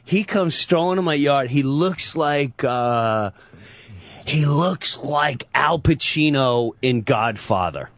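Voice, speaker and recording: A man telling a comic story, excitable and profane, acting out the people in it. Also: a little high, slow pace, dry recording. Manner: excitable, profane, restarts and acts out voices. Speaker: comedian guest.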